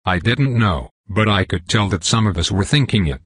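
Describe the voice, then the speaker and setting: Husky low-voiced male narrator. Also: expressive, moderate pace, a bit bright, dry recording. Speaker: audiobook narrator. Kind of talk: first-person audiobook narration.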